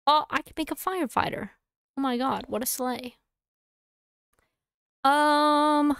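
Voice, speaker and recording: Woman streamer, chatty and thinking aloud, a bit high-pitched, dry mic. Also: no room sound. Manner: chatty, thinks aloud, quick asides and laughs. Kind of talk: casual live-stream chatter while playing a game.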